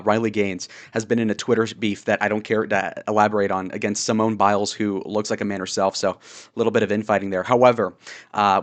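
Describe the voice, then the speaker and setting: A man giving sarcastic, mocking commentary on social media posts, with frequent fillers. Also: on the low side. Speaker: political commentary YouTuber.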